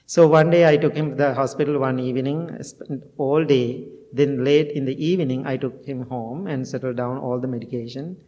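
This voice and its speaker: A man's voice: medium pitch, fairly even intonation, moderate pace, mellow. A middle-aged man, a Buddhist monk, giving a heartfelt storytelling dharma talk at a temple and laughing at himself now and then. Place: temple meditation hall. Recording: long hall reverb.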